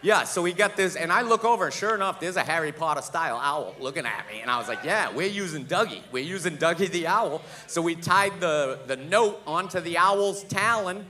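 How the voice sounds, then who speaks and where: A man performing a stand-up set on a theater stage, telling a story and doing loud, high impressions of the people in it. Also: fairly quick, few pauses. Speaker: stand-up comedian. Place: theater stage with live audience.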